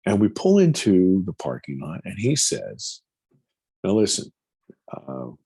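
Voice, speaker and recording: A man in his fifties, a film producer, earnestly recounting a personal story in an interview, halting and repeating words as he goes. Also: sits low, huge pitch swings, warm tone, breathy edge, no room sound.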